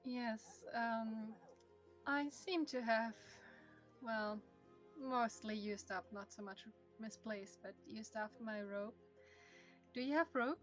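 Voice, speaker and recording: A woman's voice: on the high side, slow pace, faint music behind. A woman playing a tabletop game, speaking in a dry, somewhat hesitant way. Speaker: player.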